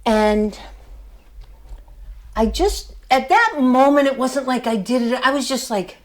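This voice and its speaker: A woman's voice: high-pitched, animated, a little slow. An older woman giving a motivational speech to her class, telling a story with emphasis and laughing at herself. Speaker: student speaker.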